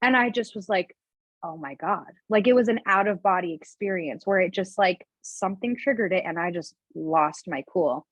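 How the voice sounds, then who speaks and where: A woman's voice: medium pitch, no room sound. A woman in her thirties, a podcast guest, candidly telling a personal family story in a chatty, emotional way with lots of fillers. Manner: emotional, candid, fast-flowing with many "like" fillers. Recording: dull, slightly lo-fi remote recording.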